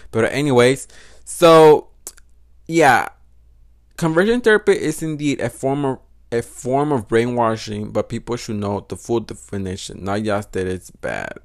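Young man, Mexican Spanish accent, podcast host, rambling, profane, mid-range pitch. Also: unhurried. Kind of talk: casual solo podcast talk.

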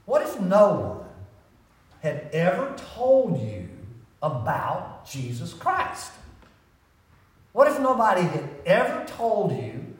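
Animated preacher with a roomy, distant echo. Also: male voice, high-pitched, slow pace. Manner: animated, conversational preaching with rhetorical questions. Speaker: pastor. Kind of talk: sermon. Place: church sanctuary.

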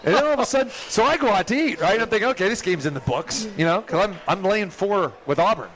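A man hosting a casual sports betting chat, telling animated stories and acting out what others said. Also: quick pace. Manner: animated storyteller, acts out quotes with loud high bursts. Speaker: sports betting show host.

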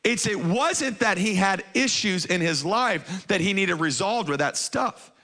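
A man's voice: high voice, lively intonation, unhurried, pushed and bright. A man, preaching a sermon and calling out to the congregation with energy. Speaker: pastor.

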